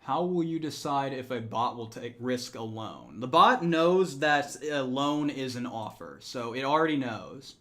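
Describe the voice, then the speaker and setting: A man's voice: medium pitch, sing-song, unhurried, hardly any pauses, pushed and bright. A man streaming a strategy game, joking with chat, laughing often and counting numbers aloud. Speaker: gaming streamer. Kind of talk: casual live-stream chat.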